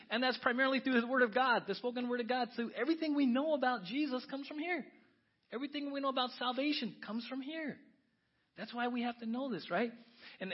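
Husky-voiced pastor preaching animatedly. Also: male voice, very high-pitched, muffled recording. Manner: animated, swings from soft to loud exclamations. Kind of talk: sermon.

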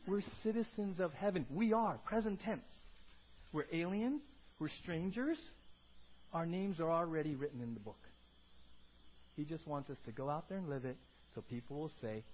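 A man preaching a sermon as pastor, animated and acting out quoted voices, then dropping to a soft prayer. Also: on the high side, normal speed, husky, lo-fi sound.

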